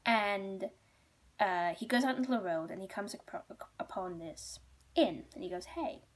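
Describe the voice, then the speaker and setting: A woman's voice: medium pitch, moderate pace. A woman storyteller retelling a folk tale casually, chatty and rambling, with many asides.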